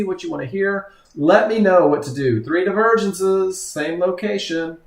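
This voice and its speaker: Male trading instructor, excitable live commentary, higher voice, roomy echo. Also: unhurried, creaky, few pauses. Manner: excitable, exclaiming at the charts.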